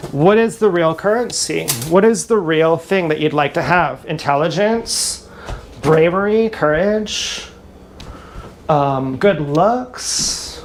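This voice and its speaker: Woman, lowish voice, sarcastic, self-mocking, blunt, rambling livestream talk, action-camera mic. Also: a little hiss or hum. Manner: wandering, half-improvised talk.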